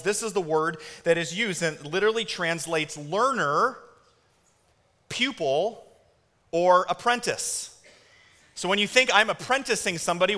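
A man in his thirties preaching a sermon to a congregation, telling stories with lively energy and shouted impressions. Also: sits high. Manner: animated storytelling with shouted kid impressions. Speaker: pastor. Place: church auditorium. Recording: long reverb of a large hall.

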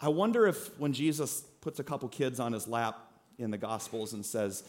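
A man in his thirties preaching a sermon, telling a lively personal story and then speaking quietly and earnestly. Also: mid-range voice, moderate pace. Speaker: pastor.

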